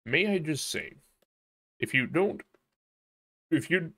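A young man streaming a game live, rambling and cursing in casual commentary, with sudden shouts. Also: on the high side, animated, slow pace. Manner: rambling, profane, sings and shouts in bursts. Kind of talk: casual let's-play commentary. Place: home streaming setup.

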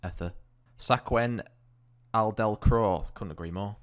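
Commentating his own gameplay, a man hosting a gaming channel swears, jokes, and banters excitably. His voice is lowish, a little slow, and smooth.

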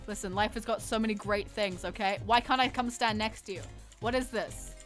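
A woman streaming a game, giving casual, excitable, rambling commentary and swearing freely. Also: medium pitch, brisk, faint music behind.

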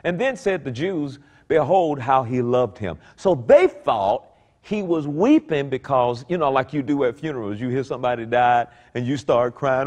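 Man preaching a lively sermon. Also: normal speed. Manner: preaching with sudden swings between low murmurs and high exclaims; reads scripture aloud and comments on it. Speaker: pastor.

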